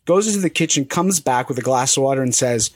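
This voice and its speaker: A man in his twenties telling a story in casual chat, animated and swearing, acting out the quotes. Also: mid-range voice, fast, no echo. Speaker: storyteller guest.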